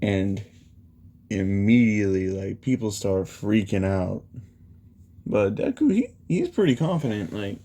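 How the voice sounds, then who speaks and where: A man's voice: fairly low pitch, big pitch swings, measured pace, dark tone. A man casually retelling a fan story, rambling along with lots of fillers. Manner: rambling, heavy use of "you know" and "he's like".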